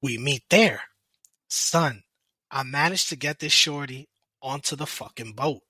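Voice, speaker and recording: A man, a podcast guest telling a story in a slangy, animated way and laughing often. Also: mid-range voice, a little slow, dry recording. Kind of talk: casual storytelling.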